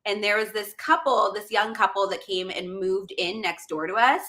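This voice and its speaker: A woman's voice: medium pitch, normal speed, a bit bright. A woman hosting a casual podcast chat, telling stories and laughing often. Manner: chatty storyteller, laughs often. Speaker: podcast host.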